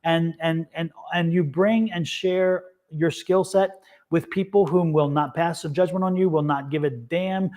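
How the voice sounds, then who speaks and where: A chatty man hosts a live tarot session over a video call, talking in a casual, rambling way. His voice sits a bit high for a man. He repeats words and laughs often. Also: steady tone, measured pace, darkish tone. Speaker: tarot reader and co-host. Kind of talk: casual livestream chat.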